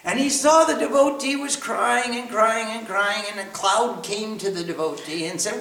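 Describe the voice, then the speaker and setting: A man's voice: high-pitched, expressive, a little slow, sharp tone, distant mic. A man giving a spiritual talk as teacher, telling stories animatedly and laughing often. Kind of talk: devotional talk with questions. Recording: echoey room, away from the mic.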